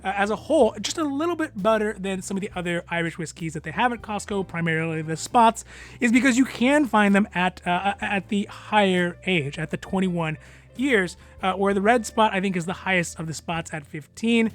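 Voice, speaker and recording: A man hosting a whiskey review vlog, talking casually in a relaxed, rambling way with lots of fillers and small chuckles. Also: high voice, brisk. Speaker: whiskey channel host.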